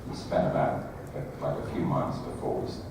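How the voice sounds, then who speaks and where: A man, a guest actor at a fan convention panel, telling animated anecdotes and laughing through them. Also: fairly quick. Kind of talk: anecdotal storytelling and audience Q&A. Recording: echoey hall, from far off, loud noise.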